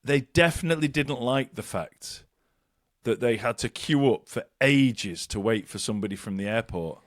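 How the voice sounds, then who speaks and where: A man's voice: mid-range voice, moderate pace, dry recording, studio quality. A man co-hosting a podcast, telling stories and acting out quotes in a casual chat. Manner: animated storyteller, acts out quotes. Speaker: podcast co-host.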